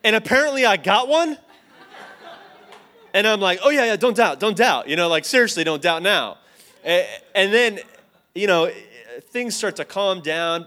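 Man preaching an animated personal story. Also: mid-range voice. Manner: animated personal storytelling, swinging from quiet to loud. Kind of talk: sermon storytelling.

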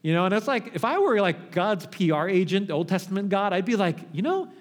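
A man in his thirties or forties preaching a sermon, telling stories and acting out scenes with lively swings in his voice. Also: a little fast. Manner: animated storytelling, acts out scenes with big pitch jumps. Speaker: pastor.

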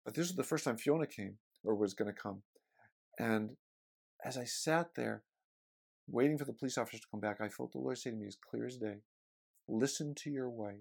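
Pastor guy, middle-aged, gravelly voice, telling stories in a sermon. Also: mid-range voice, brisk. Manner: storytelling, conversational preaching.

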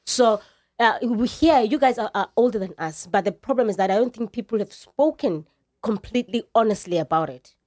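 A woman's voice: on the high side, fairly quick, a little mellow, no echo. A woman from South Africa with a South African accent, talking earnestly and emphatically in a radio studio conversation, repeating phrases as she searches for words.

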